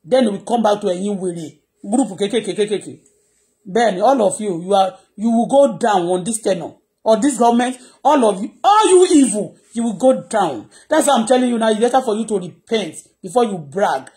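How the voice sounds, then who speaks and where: A woman's voice: medium pitch, lively intonation, a little fast, mellow. A Nigerian woman blogger whose first language is Yoruba, ranting impassioned on a live stream and raising her voice. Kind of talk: live social media rant.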